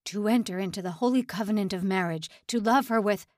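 A woman voicing a calm, pious old male prisoner who leads a secret wedding. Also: mid-range voice, fairly quick, dry recording, lightly acted. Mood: solemn.

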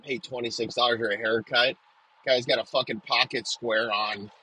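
A man's voice: mid-range voice, steady tone, normal speed, sharp tone, breathy edge, dry recording, low-quality recording. A man delivering an aggressive comedic rant, swearing nonstop and hurling insults.

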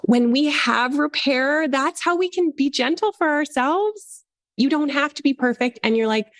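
A woman's voice: high voice, lively intonation, a little slow. A middle-aged woman, a parent coach, talking earnestly in a podcast interview and acting out little quoted voices.

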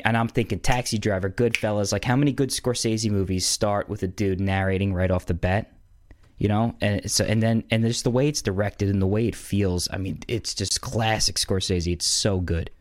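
A man casually rambling about movies, with lots of fillers and slang. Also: on the low side. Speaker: movie reviewer. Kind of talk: casual chat.

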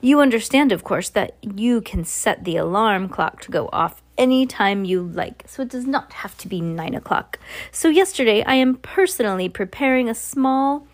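A woman voicing the Grand High Witch, an imperious, cruel female witch with rolled R's, while reading a book aloud. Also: lively intonation. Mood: gloating. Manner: slow, grandly drawn-out speech.

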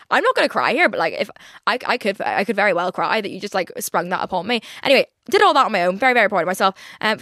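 In this clean, echo-free studio recording, a young woman chats by herself on her podcast. Her voice is medium in pitch with a fairly bright tone, and she rambles with plenty of "like" fillers and regular cursing.

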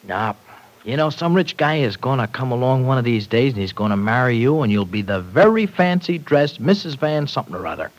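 A man's voice: mid-range voice, expressive, brisk, close to an everyday voice, low-quality recording. A man playing a slangy tough young guy. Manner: slangy tough-guy talk, dropped grammar. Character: tough streetwise young working-class man. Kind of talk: 1940s radio acting. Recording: old radio broadcast recording.

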